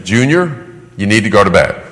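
A man voicing an exasperated mother who scolds her son and rises into shouting. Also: lowish voice, big pitch swings, moderate pace, in a large hall. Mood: firm. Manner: rising into shouting.

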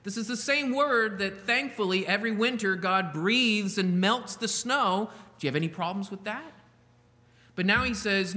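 High, bright-voiced preacher in a hall. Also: male voice. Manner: slow, emphatic delivery with rhetorical questions. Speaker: pastor. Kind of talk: sermon.

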